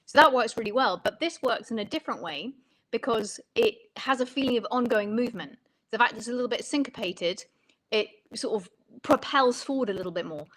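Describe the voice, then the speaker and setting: A woman's voice: a little high, a bit bright, rough recording. Woman songwriting coach, talking through ideas step by step, reflective and explanatory. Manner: thoughtful, explanatory, pauses to rephrase.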